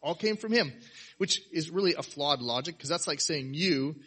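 Guy preaching a sermon, bright forceful tone, acts out the quotes, lots of rhetorical questions. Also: a little high, expressive, moderate pace, breathy edge. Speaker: pastor.

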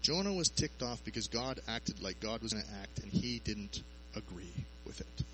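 A man's voice: on the low side, lively intonation, normal speed, a bit bright, slight background noise, poor audio. A man preaching a sermon in a conversational way, asking his listeners rhetorical questions.

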